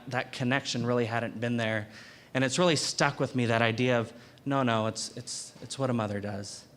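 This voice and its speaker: A young man giving a personal testimony in a university chapel, speaking earnestly and haltingly, often repeating words. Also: medium pitch, fairly bright tone, clear, resonant tone. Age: young adult. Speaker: student speaker.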